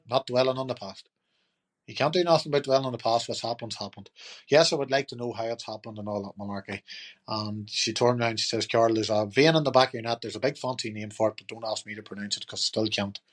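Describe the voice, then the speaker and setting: A middle-aged man, a podcast guest telling his story in a chatty, rambling way full of fillers. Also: medium pitch. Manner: chatty, rambling, lots of "you know" and "turned around and says". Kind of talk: casual storytelling.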